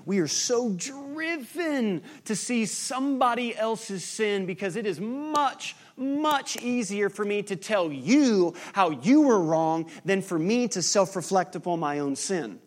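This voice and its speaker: A man preaching a sermon as pastor, lively and teasing with his congregation. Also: high voice, takes it slowly, hardly any pauses.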